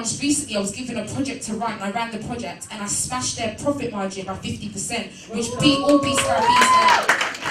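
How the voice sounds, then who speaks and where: A woman's voice: on the high side, noisy background. A young woman confidently telling an audience her own story. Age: young adult. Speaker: speaker sharing her story. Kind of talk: personal testimony to an audience. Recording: echoey hall from far off.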